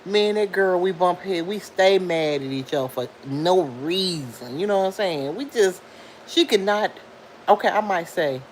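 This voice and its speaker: A middle-aged woman hosting a casual livestream, chatting loosely and reading viewer comments aloud in a lively voice that swoops high for emphasis. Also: normal speed, slight background noise, rough recording.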